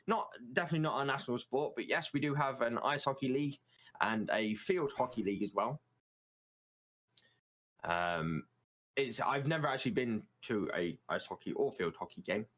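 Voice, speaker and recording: A man's voice: mid-range voice, animated, moderate pace, fairly bright tone. A British man in casual chat as a guest, explaining words with plenty of ums and restarts. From United Kingdom. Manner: hesitant, many ums and restarts.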